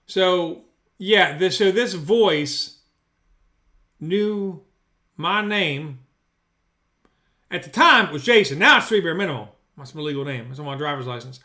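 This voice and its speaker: A man's voice: fairly high pitch, expressive, a little slow, pauses often, pushed and bright. Profane rambling man telling a story. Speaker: storyteller vlogger. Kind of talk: casual storytelling. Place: indoors at home, bedroom. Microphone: studio mic.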